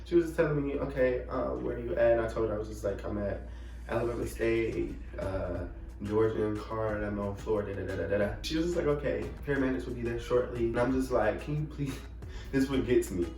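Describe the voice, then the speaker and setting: A man's voice: on the low side, brisk, a little mellow, reverberant, far from the mic, faint music behind. A young man casually telling a funny story about himself, acting out his own panicked quotes. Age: young adult.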